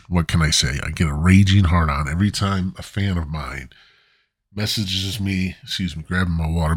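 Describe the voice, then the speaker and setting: A man with a very low voice hosts his own podcast alone. He rambles crudely, jokes and restarts his sentences, recorded dry and close to the mic. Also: slightly rough, no room sound. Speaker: podcast host. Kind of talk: rambling solo podcast monologue.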